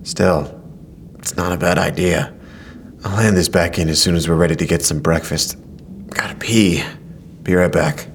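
A woman's voice: rumbling low, steady tone, moderate pace, vocal fry, pauses often, a little hiss or hum, pitched below the performer's own voice. A woman voicing a sarcastic, grumbling young man who sounds groggy and tired, in an audiobook.

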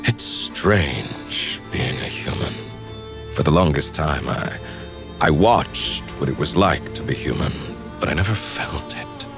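A man acting out an immortal horseman, very deep, very slow, solemn, audiobook, music behind. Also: lively intonation, exaggerated voice. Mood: brooding. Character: deep-voiced immortal horseman in human form, brooding. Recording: with background music.

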